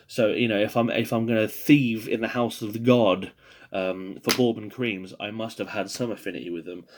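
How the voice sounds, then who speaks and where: A man talking casually to camera, rambling and swearing with self-deprecating jokes, a little tired. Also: lowish voice. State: yawning, tired. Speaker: podcast host ranking biscuits. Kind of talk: casual solo video monologue.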